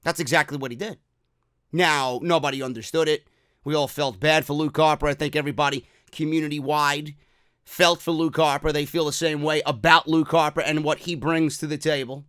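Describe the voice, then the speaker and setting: A man hosting a wrestling talk show, ranting in an excitable, profane, rambling way. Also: fairly high pitch, a little fast, no room sound. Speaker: wrestling podcast host. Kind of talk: casual opinion rant.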